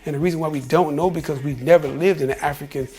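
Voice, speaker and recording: A man's voice: fairly high pitch, fairly even intonation, fast talker, a little mellow. An American man in a casual vlog, talking emphatically to the listener, often repeating himself and calling them "bro". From United States. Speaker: vlogger. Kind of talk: casual opinion talk to camera.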